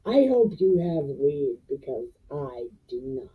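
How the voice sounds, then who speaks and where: A woman's voice: rumbling low, sing-song, slow, husky. A woman hosting a show, retelling Bible stories in a jokey, profane, slangy way. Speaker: host reading the Bible. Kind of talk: irreverent comic Bible retelling. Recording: tinny phone-like sound.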